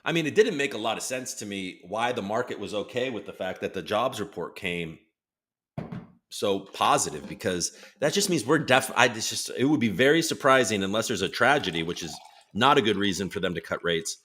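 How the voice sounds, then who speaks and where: Man, lowish voice, livestream host, casual rambling chat, desktop mic. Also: lively intonation, a little fast, bright, forceful tone, husky. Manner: rambling, loose, swears casually. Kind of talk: casual chat reading out viewer comments.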